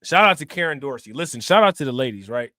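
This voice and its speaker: A man's voice: medium pitch, animated, quick pace, bright, forceful tone, no room sound, clean studio sound. A man hosting a crypto livestream in casual chat, joking, laughing and slangy. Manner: joking, laughing, slangy, repeats "you know what I'm saying".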